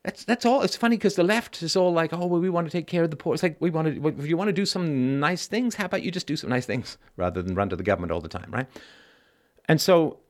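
A man's voice: fairly high pitch, big pitch swings, quick pace. A middle-aged man hosting a call-in show, talking bluntly and emphatically, swearing freely and tagging "right?" onto his points. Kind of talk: conversational call-in monologue.

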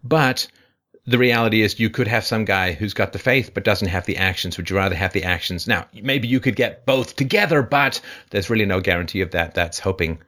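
A brisk male voice hosts a call-in advice show, emphatic and full of rhetorical questions, with vivid swings in pitch.

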